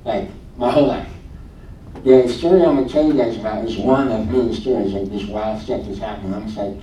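A man's voice: fairly quick, mellow, lo-fi sound. A man in his late twenties casually telling a personal faith testimony, retelling conversations in a chatty way with lots of "I'm like". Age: late 20s. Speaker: speaker sharing a testimony. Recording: echoey room, distant mic, faint low rumble.

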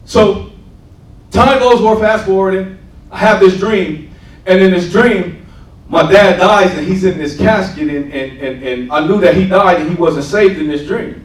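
High-voiced preacher in an echoey church. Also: male voice, measured pace, distant mic. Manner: call-and-response asides, repeats "right?". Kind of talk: sermon with personal testimony. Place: church sanctuary.

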